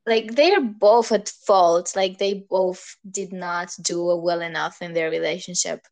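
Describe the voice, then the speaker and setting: A woman co-hosting a podcast in casual chat, emotional and quick to exclaim, quoting scenes she watched. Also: lowish voice, creaky, darkish tone. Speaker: podcast co-host.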